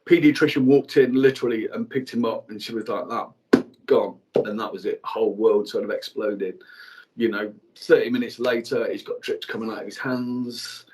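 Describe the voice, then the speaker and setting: A man in his forties telling a personal story to an audience, frank and halting, with many fillers and restarts. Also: mid-range voice, steady tone, a little mellow. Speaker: guest speaker.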